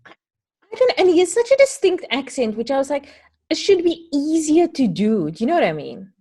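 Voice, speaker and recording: A woman's voice: sits high, sing-song, fairly quick, dark tone. Laughing South African woman hosting. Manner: laughing often, easygoing. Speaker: podcast host. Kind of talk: casual chat.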